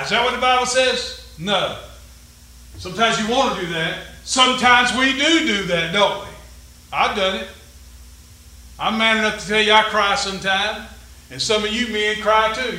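A man's voice: extremely high pitch, sharp tone, roomy sound, low-quality recording. A man, preaching a fervent sermon with call-and-response in a church. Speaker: pastor. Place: church sanctuary.

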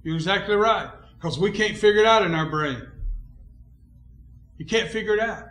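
A man pastor preaching a sermon in a church, emphatic, swinging between quiet and loud, calling out for amens. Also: sits high, normal speed, long pauses, roomy sound, faint music behind.

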